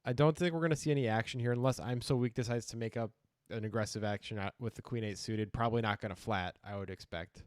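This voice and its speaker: Dude breaking down poker hands, dry wry jokes, close dry mic. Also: male voice, on the low side, fairly even intonation, quick pace, hardly any pauses, dry recording. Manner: dry, wry humor mixed with hand analysis. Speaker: poker commentator. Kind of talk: casual live-stream commentary.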